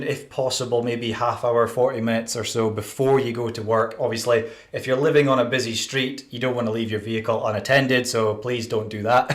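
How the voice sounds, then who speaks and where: Chatty man hosting a live stream. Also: mid-range voice. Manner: chatty, practical, running through notes. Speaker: window cleaning channel host. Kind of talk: casual live-stream tips chat.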